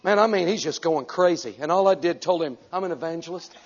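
A man preaching a sermon as an evangelist, telling a story animatedly and breaking into sudden shouts. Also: fairly high pitch, expressive, brisk, breathy edge. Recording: echoey hall, dull lo-fi sound.

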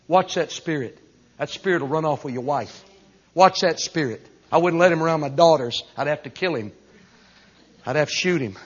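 A man, a traveling Pentecostal preacher, delivering a revival sermon emphatically, with lots of repetition and a husky voice. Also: on the high side, normal speed. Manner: emphatic, repetitive, swings between hushed and raised. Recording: dull lo-fi recording.

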